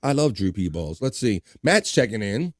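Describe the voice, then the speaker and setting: A man hosting a casual livestream, reading viewer comments aloud in an animated, jokey way and swearing casually. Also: fairly low pitch, moderate pace, no echo, studio quality. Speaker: livestream host.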